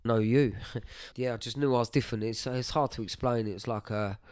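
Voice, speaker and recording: A man's voice: mid-range voice, fairly even intonation, a little fast, a little mellow, clear, resonant tone. A man, sharing his life story as a podcast guest in an earnest, emotional way, with many fillers and restarts. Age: 30s. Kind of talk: personal testimony, casual chat.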